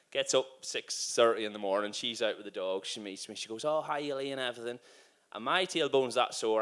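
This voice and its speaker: A man who is a motorcycle racer telling a profane, animated anecdote on stage at a live podcast event. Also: medium pitch. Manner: animated, profane storytelling with frequent laughs.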